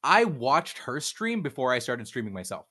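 A man's voice: medium pitch, sing-song, moderate pace, bright, forceful tone. A young man in casual chat, candid and profane, rambling with frequent restarts. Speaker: streamer guest.

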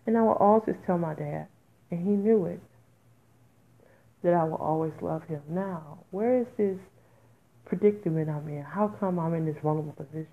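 A woman's voice: lowish voice, normal speed, long pauses. A woman hosting a podcast, talking candidly and emotionally, with raw, emphatic outbursts in informal speech. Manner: informal, speaks in dialect. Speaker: podcast host. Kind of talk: emotional personal monologue. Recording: tinny phone-like audio.

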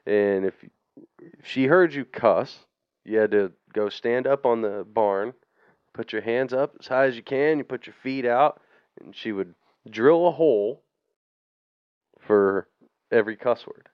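A man's voice: medium pitch, a little slow, long pauses, clear, resonant tone, dry recording. A man co-hosting a podcast, telling a long story in a rambling, profane, casual way and laughing as he goes. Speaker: podcast co-host. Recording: dull, dry podcast audio.

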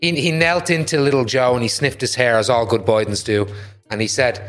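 A man's voice: mid-range voice, steady tone, a little fast, fairly bright tone. Swearing joking man hosting. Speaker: podcast host. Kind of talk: casual chat.

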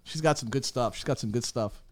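A man's voice: mid-range voice, a little fast. A man co-hosting a casual sports podcast, joking around and laughing often. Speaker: podcast co-host.

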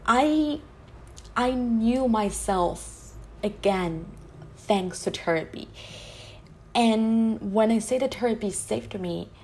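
A woman's voice: a little high, slight background noise. Earnest woman speaking from the heart. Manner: earnest, heartfelt, halting with restarts. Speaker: podcast host. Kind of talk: personal monologue.

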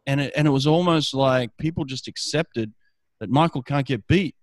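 A man's voice: medium pitch, normal speed, no echo. A middle-aged man, a swim coach telling stories in casual conversation, often restarting his phrases. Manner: storytelling, frequent restarts.

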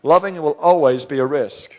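A man's voice: fairly high pitch, normal speed, warm tone. A middle-aged male pastor preaching a sermon in church, talking in a conversational, storytelling way with frequent restarts.

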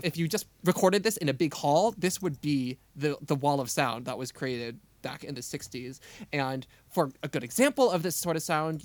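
A man's voice: mid-range voice, no room sound. A man talking through music on a podcast, analytical and eager, with frequent fillers. His voice sits in an ordinary middle register. The sound is dry and close, with no room around it. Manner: enthusiastic, analytical, many fillers. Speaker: podcast co-host. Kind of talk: casual music analysis chat.

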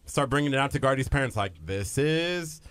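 A man from Nebraska, co-hosting a local talk show, telling stories in an animated, joking way. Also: medium pitch, fairly quick, clean tone, no room sound. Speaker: co-host. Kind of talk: casual chat.

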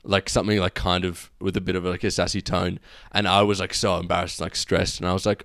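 A man's voice: low voice, level tone, fast, fairly bright tone, dry recording, clean studio sound. A young man co-hosting a casual podcast, telling self-mocking stories. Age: young adult. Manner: storytelling, self-mocking, laughs often. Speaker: podcast co-host. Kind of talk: casual chat.

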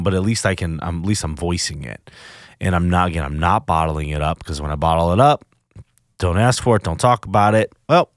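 A man hosting a personal recovery podcast, speaking in an earnest, halting, confessional way, emotional and near tears. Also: low voice, dry recording, studio quality. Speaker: podcast host.

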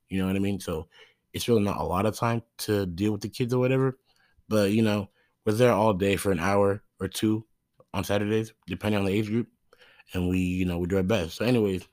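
A young man with a deep, low voice tells a loose, meandering story about coaching kids' soccer, circling back with "you know what I mean" and restarts. The sound is close and dry, with no room echo. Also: a little mellow. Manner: rambling, loses his thread, lots of fillers like "you know what I mean". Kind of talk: casual storytelling monologue.

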